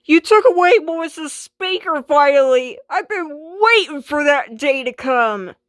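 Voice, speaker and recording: A woman's voice: high voice, expressive, measured pace, a bit bright, no echo, studio quality, voice pushed up. A woman voicing a sensible female washing machine in a homemade skit, sighing and sarcastic.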